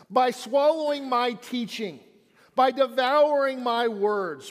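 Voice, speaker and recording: A man's voice: very high voice, big-room sound. A man preaching a sermon in an auditorium, in a conversational way that repeats lines for emphasis. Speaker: pastor.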